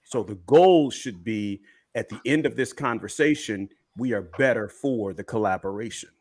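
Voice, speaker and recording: A man's voice: lowish voice, moderate pace, darkish tone. A man who is a minister co-hosting a casual faith talk, driving his points home with repeated phrases. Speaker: minister and co-host.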